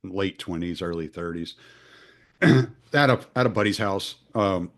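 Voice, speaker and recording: A middle-aged man hosting a podcast, telling stories in blunt, profane casual talk that gets animated. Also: low-pitched, measured pace. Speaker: podcast host. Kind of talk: casual conversational storytelling.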